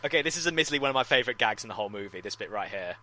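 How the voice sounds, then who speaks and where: A man's voice: medium pitch, animated, rapid-fire, bright, forceful tone. A young man co-hosting a casual movie commentary, teasing his friend and breaking into bursts of enthusiasm. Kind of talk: casual film commentary chat.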